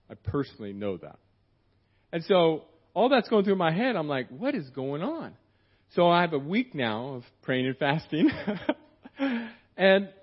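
A middle-aged man preaching in church, telling a personal story in a rambling, conversational way with many restarts and acted-out quotes. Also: on the high side. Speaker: guest preacher. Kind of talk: sermon told as a personal story. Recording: dull, muffled church sermon recording.

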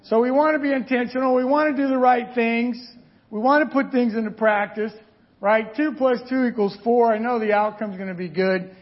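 A man preaching a sermon, telling stories with lively asides and frequent "right?" checks to the congregation. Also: very high-pitched, a little fast, muffled recording.

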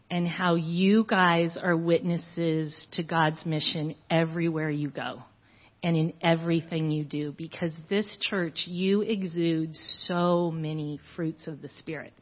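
A woman's voice: on the low side, steady tone, a little slow. Heartfelt middle-aged woman at church. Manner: heartfelt and emotional, with frequent fillers. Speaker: church member sharing before leaving. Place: church service. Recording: lo-fi church audio recording.

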